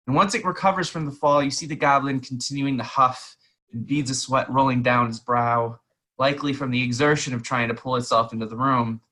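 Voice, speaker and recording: A man's voice: medium pitch, bright, forceful tone. A man narrating a tabletop game as game master, describing scenes in detail.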